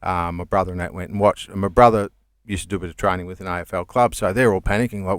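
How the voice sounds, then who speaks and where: Man, Australian accent, low voice, rambling casual storyteller, dry close sound. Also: fast, no echo. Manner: rambling, laughs often, swears casually. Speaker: comedian guest.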